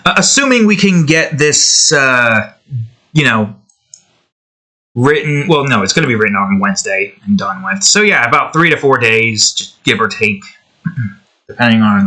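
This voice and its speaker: A young man talks his way through a drawing session at home in a loose, rambling way, drifting off into asides. His voice is bright and forceful, and the talk is full of fillers and little tangents. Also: mid-range voice, very animated, unhurried. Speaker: digital artist and channel host. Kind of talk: casual rambling commentary while drawing. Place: at home indoors, with his cat nearby.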